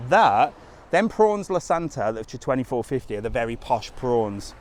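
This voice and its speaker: A man chats bluntly and casually into a handheld phone during a live travel stream. He is outdoors on a seafront walk, and a faint hiss runs under his voice. His pitch sits in a middle range for a man. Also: big pitch swings, normal speed. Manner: chatty, blunt, slangy. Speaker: travel vlogger livestreaming.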